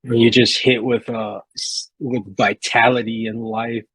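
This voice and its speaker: A man's voice: mid-range voice, little pitch movement, measured pace, fairly bright tone, slightly rough, dry recording, low-quality recording. Man in casual game chat, dry sound. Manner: hesitant, many fillers. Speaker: player.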